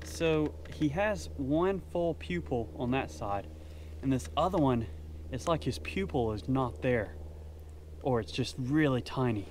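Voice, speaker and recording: A man in a small boat, calling out excitedly to the fish and chatting with his viewers as he goes. His voice sits at an ordinary middle pitch. It was picked up by a chest-mounted action camera outdoors, with a faint hiss behind it. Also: measured pace. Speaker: fishing vlogger. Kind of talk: casual fishing vlog commentary.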